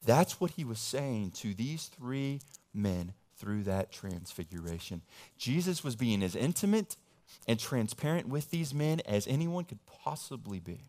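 A young man preaching a sermon, animated and casual, swinging from loud emphasis to quiet asides. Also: medium pitch, unhurried. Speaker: pastor.

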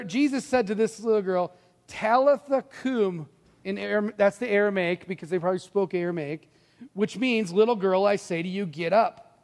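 A middle-aged man preaching a sermon as pastor, telling stories in an animated way and acting out the voices of the people in them. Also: sits high, in a large hall. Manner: animated storytelling, acts out quoted voices.

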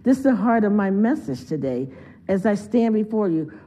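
A woman's voice: mid-range voice, very animated, normal speed, mellow. A woman giving a heartfelt, conversational sermon as a guest speaker in a church. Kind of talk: sermon storytelling.

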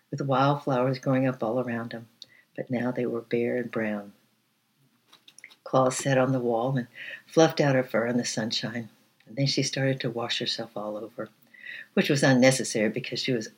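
A man with a husky, breathy voice, gently reading a children's story aloud, with an occasional slip and restart. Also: mid-range voice. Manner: gentle, even read-aloud pacing with slips and restarts.

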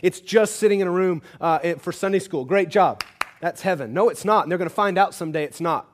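High-voiced preacher, hushed to urgent. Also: male voice, fairly quick, a little hiss or hum. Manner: swings between hushed earnest passages and loud urgent exhortation; asks the congregation questions and jokes with them. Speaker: pastor. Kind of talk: sermon.

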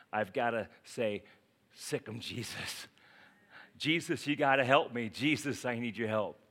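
A male pastor preaching a sermon, swinging between loud urging and quiet asides. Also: mid-range voice.

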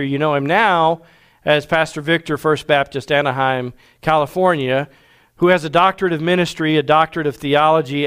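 A man preaching a sermon, folksy and conversational, slowing down for emphasis and speeding through asides. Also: a little high, a bit bright, clear, resonant tone. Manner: folksy, varies pace from slow emphatic to rapid asides. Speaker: pastor. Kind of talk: sermon with storytelling.

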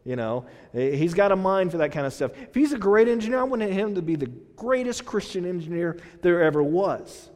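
High-voiced man preaching in a hall. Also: sing-song, fairly quick, hardly any pauses, a little mellow. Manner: conversational, repeats phrases, many fillers. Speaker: pastor. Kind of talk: sermon.

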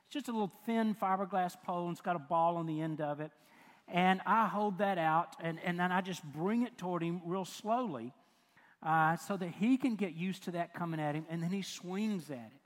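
An older man preaching a sermon, telling a family story in an animated, self-mocking way with chuckles. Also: high-pitched, normal speed. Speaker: pastor. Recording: long reverb of a large hall.

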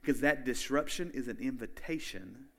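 A man's voice: mid-range voice, expressive, moderate pace, a bit bright. A man preaching a sermon in a casual, conversational way, often saying "like" and checking in with his listeners. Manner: casual and chatty, with frequent "like" and questions to the listeners.

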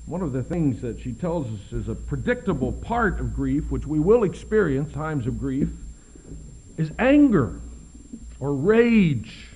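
A man with a breathy edge to his voice preaches with expressive range, dropping to hushed softness and rising to loud emphasis while slowing on key words. The audio is poor.

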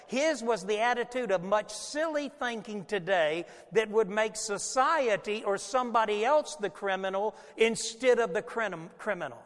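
A man preaching a sermon, animated and folksy, with casual asides to the congregation. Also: sits high, moderate pace, few pauses. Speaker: pastor. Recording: long hall reverb.

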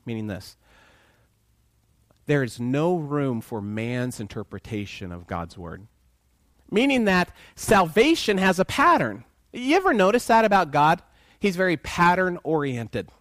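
Animated preacher man, lively pitch. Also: normal speed, no room sound. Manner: animated, asks the congregation questions, acts out voices in quotes. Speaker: pastor. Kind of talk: sermon.

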